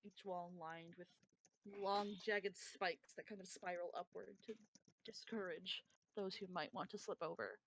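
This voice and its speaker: A woman running a tabletop game as game master, calmly describing the scene to her players. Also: mid-range voice, measured pace, vocal fry, rough recording.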